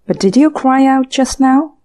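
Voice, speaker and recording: A woman's voice: high voice, moderate pace, warm tone, voice pushed up, natural voice. A woman narrator voicing an earnest young man who is flustered but insists on what he heard, in a storybook reading. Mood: insistent, flustered. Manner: insistent, apologetic.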